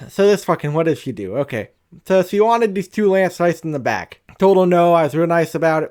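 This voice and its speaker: Young adult man, animated storytime vlogger, cursing and rambling, slightly high voice. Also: a little fast. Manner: profane, animated, rambling with restarts. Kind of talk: storytime rant.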